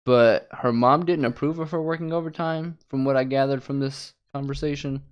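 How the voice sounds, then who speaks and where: A man's voice: mid-range voice, fairly even intonation, moderate pace, clear, resonant tone. A man co-hosting a casual film review chat, chiming in with short quips and jokes.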